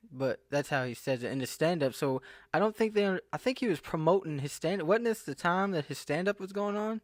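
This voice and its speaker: With a fairly high, lively voice at an ordinary pace, a young Southerner from the US rambles through casual vlog commentary, breaking off mid-thought and sounding more and more incredulous. Captured by computer screen recording, it's studio quality with no room sound.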